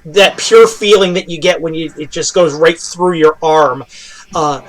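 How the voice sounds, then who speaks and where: A man running a tabletop game as game master, narrating action with frequent pauses and fillers. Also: fairly high pitch. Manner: halting, with many fillers.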